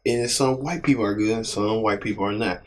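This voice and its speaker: A male show host in casual commentary, halting and repeating his words. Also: on the low side.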